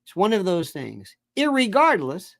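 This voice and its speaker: A man's voice: sits high, huge pitch swings, a little slow, gravelly, a bit bright, no room sound, studio quality. A man from Tampa, Florida, hosting a live commentary show, lecturing in a pedantic, sarcastic way. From Tampa, Florida, USA. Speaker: show host.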